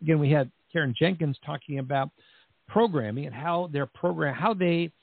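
A chatty middle-aged man opens his podcast with rambling asides. His voice is gravelly and sits a bit high for a man. The audio is dry and tinny, like a phone line. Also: moderate pace, no echo. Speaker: podcast host. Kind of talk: casual show opening. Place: Central Texas.

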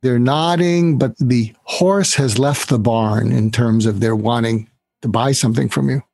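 A man's voice: mid-range voice, a little slow, creaky, a little mellow, no echo. A man talking as a guest author in an interview, explaining a sales technique step by step in an instructive way. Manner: instructive, acts out quoted dialogue.

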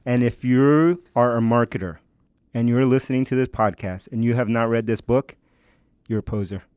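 A man co-hosting a podcast in casual chat, relaxed and teasing, using slang. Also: medium pitch, moderate pace, clear, resonant tone, no room sound, studio quality. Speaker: podcast co-host.

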